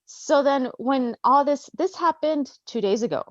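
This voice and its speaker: A woman's voice: high voice, measured pace, hardly any pauses, dry recording, lo-fi sound. Earnest woman telling a personal story. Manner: earnest, animated, acts out her own quotes. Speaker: guest. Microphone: video call.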